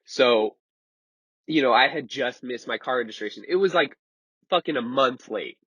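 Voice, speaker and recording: Husky young man rambling through a story. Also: mid-range voice, moderate pace, pushed and bright, no echo. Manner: rambling, profane, says "dude" a lot. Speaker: vlogger. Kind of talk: casual storytelling. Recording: slightly muffled lo-fi recording.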